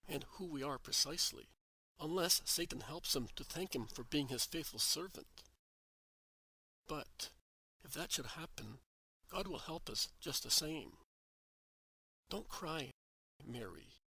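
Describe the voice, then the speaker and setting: A man voicing Joseph, a gentle, devoted middle-aged husband, speaking with calm, earnest reassurance in a devotional story reading. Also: fairly high pitch, slightly rough, dry recording, heavily acted, rough recording. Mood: reassuring.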